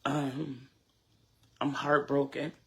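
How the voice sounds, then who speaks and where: A grieving mother speaks in a slow, heavy, tearful way, drained and exhausted. Her voice is gravelly and creaky, and she stops and repeats phrases as she thanks people. Her words come out halting and pleading. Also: extremely low pitch, flat delivery. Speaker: mother of a shooting victim. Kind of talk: emotional public statement.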